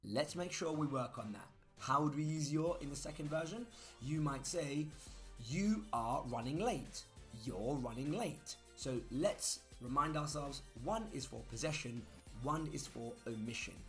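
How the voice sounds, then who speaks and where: A man's voice: fairly high pitch, animated, measured pace, fairly bright tone, faint music behind. A man teaching grammar in a chatty way, spelling words out letter by letter. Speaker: English teacher. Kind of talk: grammar lesson.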